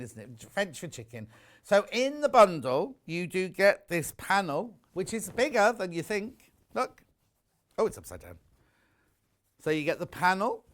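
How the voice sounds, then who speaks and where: Chatty animated male shopping host. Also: high-pitched. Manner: chatty, rambling, jokey asides. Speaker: shopping channel presenter. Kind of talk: live sales presentation. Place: warm studio with the shutter doors open.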